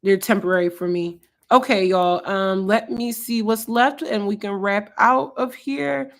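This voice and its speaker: In an unhurried, mid-range voice, a YouTuber in her twenties from Philadelphia, USA, livestreams from her apartment. Reading viewer comments aloud, she chats in a loose, rambling way full of "like" and "um."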